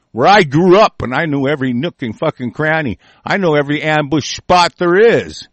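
A man's voice: on the high side, lively intonation, normal speed, hardly any pauses, no room sound. Furious ranting man, dry sound. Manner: furious, profane, threatening tirade. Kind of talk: angry on-air rant.

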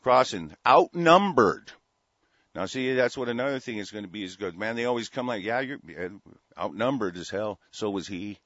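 A man hosting a talk show, delivering an angry, profane political rant in a heated, forceful way. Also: fairly low pitch, brisk, no echo. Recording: dull, dry lo-fi sound.

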